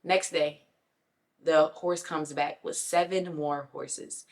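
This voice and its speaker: A woman with a somewhat low voice talks straight to her viewers in a casual motivational style. She is emphatic and conversational, slipping into quick acted-out quotes of other people and tossing in "you know what I'm saying.". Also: steady tone, darkish tone. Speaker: self-improvement vlogger.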